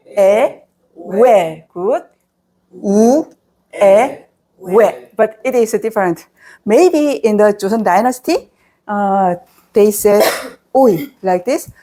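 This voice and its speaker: A woman with a Korean accent leads a pronunciation lesson at a very unhurried pace. She drills each syllable again and again so learners can repeat it after her. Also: medium pitch, warm tone. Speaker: Korean language teacher. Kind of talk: slow, patient pronunciation lesson.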